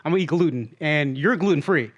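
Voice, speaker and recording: High-voiced man from Long Beach. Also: quick pace, highs cut off. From Long Beach, California. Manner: rambling, restarts, acts out quotes. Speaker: guest and road companion. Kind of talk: casual podcast storytelling.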